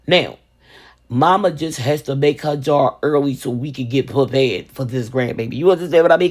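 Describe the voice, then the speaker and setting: With a husky, rumbling low voice at normal speed, this older resin-crafting vlogger spins a story playfully and with sass. She calls herself Mama and addresses her viewers as baby and sugar.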